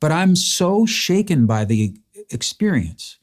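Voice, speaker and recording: A man's voice: fairly high pitch, very animated, slow. A man hosting an interview, earnestly retelling a memory in a casual storytelling way. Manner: earnest, emotional retelling with restarts. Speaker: host.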